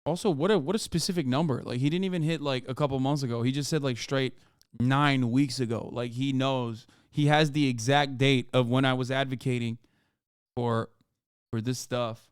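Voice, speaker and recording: A man's voice: mid-range voice, fairly even intonation, moderate pace, clean tone, dry recording, studio quality. A man in his thirties streaming, reacting to clips with profane, exasperated commentary.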